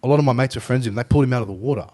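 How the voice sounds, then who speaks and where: An Australian man hosting a podcast, chatting casually and telling animated stories, swearing freely. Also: mid-range voice, rapid-fire. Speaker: podcast host. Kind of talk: casual chat.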